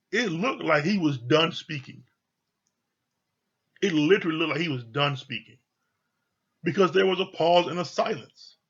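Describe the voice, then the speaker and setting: A man casually recapping and reviewing a reality TV episode, blunt and animated, swearing freely as he retells the scenes. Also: fairly high pitch, husky, highs cut off. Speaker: TV show reviewer.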